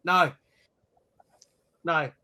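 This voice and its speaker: A man's voice: fairly high pitch, steady tone, very slow, pushed and bright, clear, resonant tone. A man hosting a casual gaming chat show, reading out viewer messages and scores. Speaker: podcast host.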